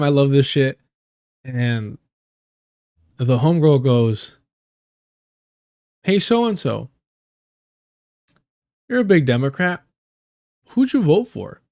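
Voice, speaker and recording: A man's voice: medium pitch, a little mellow. A man hosting a live stream, telling casual stories in a loose, rambling way, swearing freely and laughing often. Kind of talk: casual storytelling.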